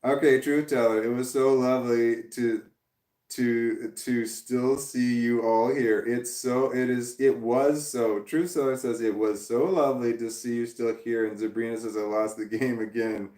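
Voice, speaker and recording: A man chats loosely on a late live stream, reading viewers' messages out and laughing along as he wanders off topic. His voice sits at an ordinary middle pitch and tends to crack when he is tired. He sounds set back from the mic in a room with a lot of bounce. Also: fairly even intonation, a little slow, mellow. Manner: rambling, reads chat messages aloud and laughs often. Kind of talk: casual live-stream chat. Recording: echoey room, distant from the mic.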